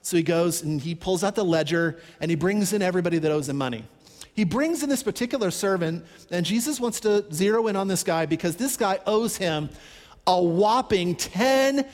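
A man preaching a sermon, telling a Bible story in an animated, conversational way and acting out the characters' pleas. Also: sits high, normal speed, in a large hall. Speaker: pastor.

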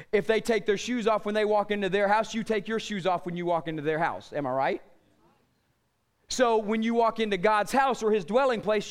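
A middle-aged man preaching a sermon, fervent, rising to shouts and dropping low. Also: clean tone. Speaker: pastor.

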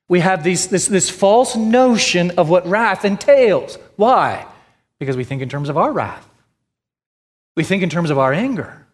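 A pastor with a fairly high voice preaches emphatically, repeating phrases and posing questions he then answers himself. His delivery swings between loud stress and quiet drops, echoing through a long hall reverb.

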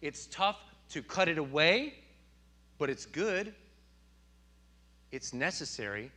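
Bright-voiced male pastor preaching. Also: a little high, takes it slowly, husky. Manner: animated, acts out stories with loud outbursts. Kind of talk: sermon.

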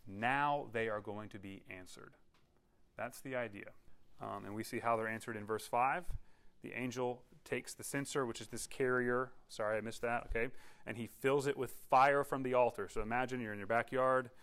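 A man's voice: medium pitch, steady tone, normal speed, fairly bright tone, clean tone. Guy preaching, lots of "okay?" and restarts, chatty teaching style. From United States. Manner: conversational teaching with frequent "okay?" check-ins; restarts and filler-heavy, explanatory. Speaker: pastor. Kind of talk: sermon.

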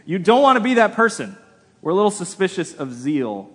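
A man preaching a sermon in a relaxed, conversational way, with self-deprecating humor. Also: high voice, a little fast, breathy edge. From United States. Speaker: pastor. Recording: long hall reverb.

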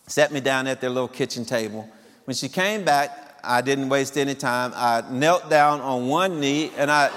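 A man in his fifties telling a personal story to an audience of singles in an animated way, often laughing. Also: fairly high pitch, in a large hall. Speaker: speaker addressing singles.

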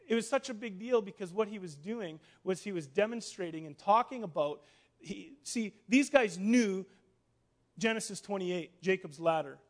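A man preaching a sermon as a pastor, emphatic and animated, acting out the people in his stories. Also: high voice. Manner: animated, emphatic, acts out Bible characters in quotes.

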